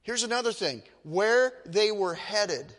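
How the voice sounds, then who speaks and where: A man's voice: high voice, expressive, measured pace, a bit bright, big-room sound. A male pastor preaching a sermon with emphatic, dramatic storytelling.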